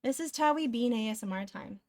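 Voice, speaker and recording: A woman's voice: a little high, expressive, brisk, a little mellow, no echo. A young woman streamer chatting casually with viewers in a rambling way, eating between sentences, close to a desk microphone. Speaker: live streamer.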